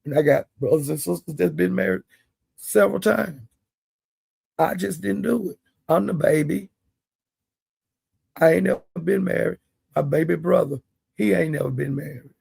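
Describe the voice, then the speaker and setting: A man's voice: a little high, moderate pace, vocal fry, long pauses, darkish tone, slightly rough, no room sound. An older man giving blunt, profane commentary in casual chat. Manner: blunt, profane, plain-spoken. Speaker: live-stream commentator.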